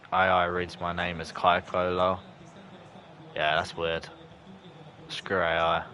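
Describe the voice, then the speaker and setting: A young man, streaming live, commenting on the match and chatting with viewers, breaking into shouts at close chances. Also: low voice, slight background noise. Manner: chatty, bursts into shouts at near misses. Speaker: gaming streamer. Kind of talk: live gameplay commentary and chat reading.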